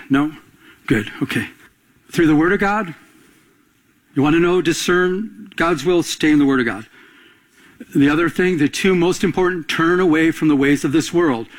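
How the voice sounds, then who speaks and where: A man's voice: fairly high pitch, breathy edge. A man preaching a sermon as pastor, repeating key phrases and asking the congregation to answer back.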